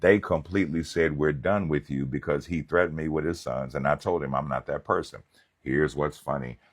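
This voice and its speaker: Pastor guy preaching, super low voice, animated and funny, telling stories. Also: moderate pace. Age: young adult. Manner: animated, conversational, humorous preaching. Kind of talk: sermon with storytelling.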